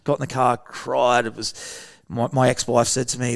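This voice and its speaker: A man's voice: mid-range voice, level tone, quick pace, creaky, few pauses. An Australian man, a guest on a podcast, talking earnestly and acting out short exchanges of dialogue. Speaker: podcast guest, veteran program founder. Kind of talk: casual interview talk.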